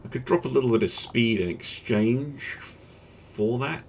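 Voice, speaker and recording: A man hosting a gaming channel, giving relaxed gameplay commentary and thinking aloud as he works through choices, with hesitant fillers. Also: mid-range voice, unhurried, vocal fry, a little hiss or hum.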